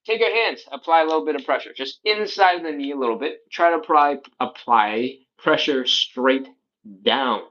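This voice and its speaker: Male mobility coach, mid-pitched, calm live cueing, lo-fi stream audio. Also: normal speed. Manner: calm, coaching, counting breaths and reps. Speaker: stretching instructor. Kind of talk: live workout instruction. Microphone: livestream setup.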